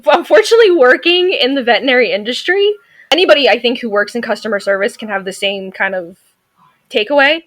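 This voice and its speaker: Talking fast with lively intonation, this woman in her thirties guests on a casual interview podcast and shares stories from her work as a veterinary technician. She's sassy and outspoken, and her voice is on the high side and a bit bright.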